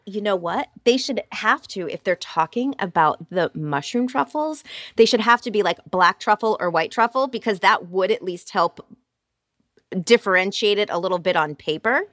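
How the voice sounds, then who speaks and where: A woman's voice: mid-range voice, animated, moderate pace, a bit bright, dry recording. Dry, teasing woman co-host. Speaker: podcast co-host. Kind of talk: casual chat.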